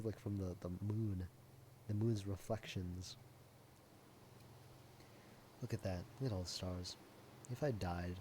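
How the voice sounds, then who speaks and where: A man's voice: lowish voice, dark tone, slight background noise. A young man giving casual, rambling gameplay commentary, full of "like" and jokes. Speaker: gameplay streamer.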